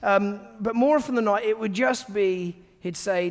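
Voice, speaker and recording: A man giving a sermon to a congregation, conversational and humorous, often dropping to soft, hushed tones. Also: a little high, moderate pace, hardly any pauses, in a large hall. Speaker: guest preacher. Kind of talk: sermon with personal stories.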